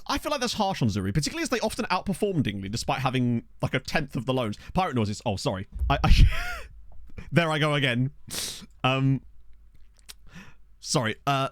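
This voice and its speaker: A man's voice: mid-range voice, no echo, clean studio sound. A man streaming a game, chatting casually and thinking aloud as he talks to his viewers. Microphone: desk microphone.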